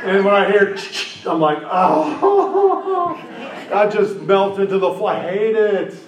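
Guy preaching to a small group, kinda high voice, lively, laughs a lot, roomy echo. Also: moderate pace, muffled recording, background noise. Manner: animated, laughing, acts out quotes. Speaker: pastor leading a group exercise. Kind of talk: informal sermon with group participation.

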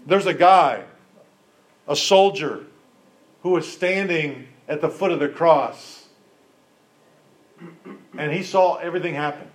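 A man preaching a sermon, retelling a scripture story and asking his listeners questions in a lively storytelling manner. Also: a little high, slow pace, pauses often. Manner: storytelling, animated, asks the congregation questions. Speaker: pastor.

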